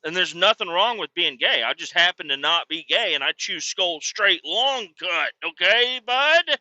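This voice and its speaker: Male comic host, profane shouting rants, lively swooping pitch, dry dull recording. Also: moderate pace, no echo. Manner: profane, erupts into shouting tirades. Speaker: podcast host. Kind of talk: comedic rant.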